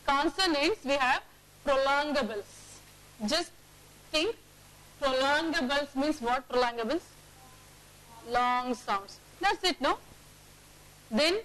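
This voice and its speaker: A woman teacher leading a classroom phonics lesson, drilling words aloud and checking the class with quick questions. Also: high-pitched, sharp tone, a little hiss or hum, rough recording.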